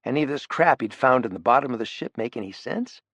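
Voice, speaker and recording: A man's voice: mid-range voice, animated, fast talker, a bit bright, slightly rough, no echo, muffled recording. A man narrating a thriller audiobook with wry, punchy emphasis, close on the mic.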